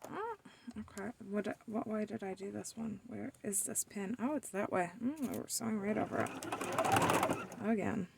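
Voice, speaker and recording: A woman's voice: mid-range voice, animated, normal speed, gravelly, a little mellow, a little hiss or hum. A woman hosting a DIY sewing tutorial, chatting casually to herself and the fabric as she sews at her machine, playfully scolding it.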